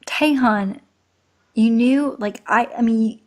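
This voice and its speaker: A woman with a fairly high voice talks through a drama in casual chat. She rants with animated exasperation, stacking up questions. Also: slow pace. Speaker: drama review co-host.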